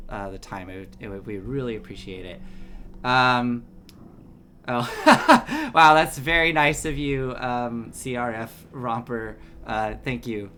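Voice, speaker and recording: A man running a tabletop game stream as game master, relaxed and full of fillers. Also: mid-range voice.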